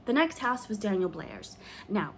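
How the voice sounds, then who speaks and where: A woman's voice: mid-range voice, a little fast, fairly bright tone, slight background noise. Woman reading an audiobook aloud. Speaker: audiobook reader. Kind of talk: audiobook narration.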